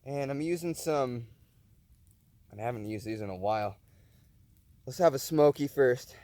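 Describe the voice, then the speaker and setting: A man's voice: mid-range voice, moderate pace, dark tone, dry recording. A man vlogging at a winter backcountry camp, chatting casually and relishing his camp food as he eats. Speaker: outdoor vlogger. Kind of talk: casual vlog chat while cooking and eating.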